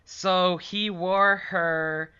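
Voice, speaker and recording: Man, bright crisp voice, long-winded, lots of ums, casual podcast, lo-fi. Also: sits high, steady tone, extremely slow. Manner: chatty, long-winded, with many fillers. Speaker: podcast co-host. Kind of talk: casual chat. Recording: dull lo-fi podcast recording.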